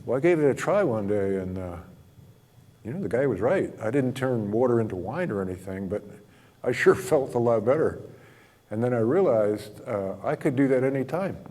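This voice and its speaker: A man giving a spiritual talk, telling stories in a gentle, humorous way and chuckling often. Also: medium pitch, animated, moderate pace. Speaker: spiritual teacher. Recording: long hall reverb.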